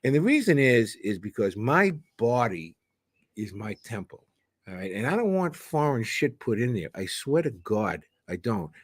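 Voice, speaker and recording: A man's voice: medium pitch, moderate pace, slightly rough, dry recording. A man in his seventies from Sicily, co-hosting a casual live stream and telling rambling, joking stories. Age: 70s. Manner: rambling, joking, animated storyteller. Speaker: co-host. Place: home in Sicily.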